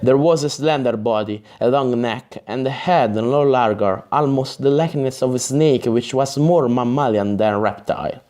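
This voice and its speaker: A man reading a fantasy novel aloud as an audiobook narrator, careful and measured, sometimes restarting a word. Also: mid-range voice, a little mellow.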